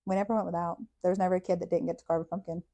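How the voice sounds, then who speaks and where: A woman's voice: on the low side, rapid-fire. Laughing, foul-mouthed woman storyteller. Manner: profane, laughing, animated storytelling. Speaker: podcast host. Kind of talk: casual storytelling.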